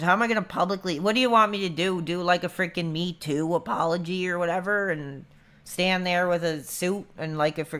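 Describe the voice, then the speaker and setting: Man, 30s, livestream host; casual rambler, bright edgy tone. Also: high voice, normal speed. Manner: rambling, laid-back, says dude a lot. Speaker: streamer.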